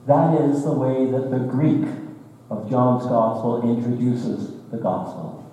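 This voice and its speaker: A man preaches slowly and deliberately, his mellow voice carrying a dry humor. He is heard from across a large sanctuary, the sound washing through a long, echoing reverb. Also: mid-range voice. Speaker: visiting minister. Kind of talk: sermon. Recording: echoey church hall from far off.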